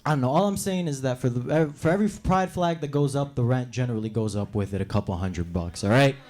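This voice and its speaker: Brash young stand-up comic from New York. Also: male voice, medium pitch, darkish tone. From New York City. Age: young adult. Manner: brash, acts out characters in quick voices. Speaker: stand-up comedian. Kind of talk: stand-up comedy set. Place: comedy club stage.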